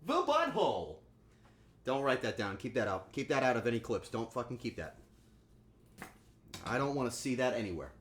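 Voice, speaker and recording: A man chatting with his livestream viewers while he cooks, crude and joking. His pitch jumps around a lot as he talks. The room sounds echoey, with a faint hum of ambience behind him. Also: very animated, normal speed, long pauses, a bit bright. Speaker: streamer. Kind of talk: casual livestream chat while cooking.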